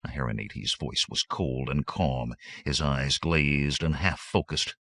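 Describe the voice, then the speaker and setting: A man's voice: a bass voice, unhurried, bright, forceful tone, no room sound, clean studio sound. A man narrating an adventure audiobook in a dramatic, vivid manner. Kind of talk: scripted narration.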